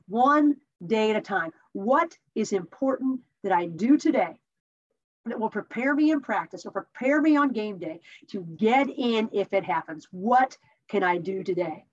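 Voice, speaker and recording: A woman's voice: mid-range voice, lively intonation, moderate pace. A woman giving a conversational coaching tip as a mindset coach, telling stories and asking rhetorical questions. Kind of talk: talking-head coaching tip. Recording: dull lo-fi recording.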